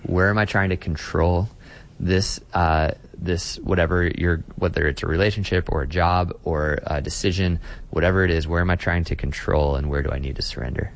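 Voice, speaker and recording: A man's voice: deep voice, steady tone, fairly quick, slight background noise. A man who is a pastor, talking earnestly in an interview and often repeating words as he starts a sentence. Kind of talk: conversational interview.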